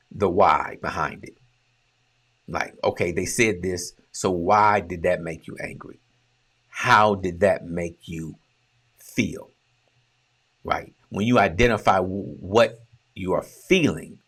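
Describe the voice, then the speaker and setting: A man's voice: low voice, takes it slowly, fairly bright tone, breathy edge. A man giving an emphatic, conversational talk on relationships as a coach, asking and answering his own questions. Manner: conversational, with colloquial phrasing.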